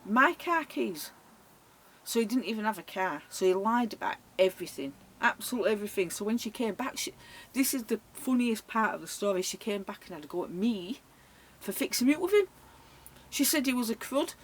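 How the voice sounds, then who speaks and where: This is a middle-aged woman with a husky, breathy tone. She tells stories in an easy, conversational vlog style and animates each anecdote as she retells it. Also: medium pitch, fast talker, low-quality recording. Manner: chatty, animated retelling with laughs. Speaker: vlogger. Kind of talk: casual storytelling.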